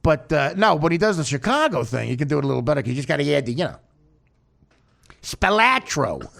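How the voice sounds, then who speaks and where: A man's voice: a little high, animated, very fast, creaky. A man hosting a podcast in casual chat, a profane, rambling storyteller. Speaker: podcast host, comedian.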